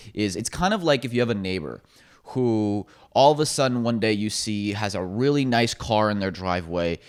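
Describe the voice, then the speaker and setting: A man co-hosting a casual podcast discussion, opinionated and ranting, swearing now and then. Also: lowish voice. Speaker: podcast co-host.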